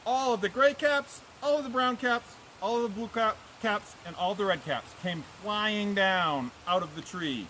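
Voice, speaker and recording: A man's voice: high voice, moderate pace, hardly any pauses, slight background noise, rough recording. A man, a teacher, reading a picture book aloud to children outdoors and asking them questions as he goes. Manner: animated, asks children questions.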